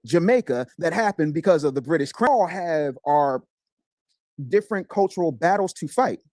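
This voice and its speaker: A man's voice: on the high side, lively intonation, moderate pace, darkish tone, no echo, studio quality. A man on a discussion panel, making a firm argumentative case. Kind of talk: debate discussion.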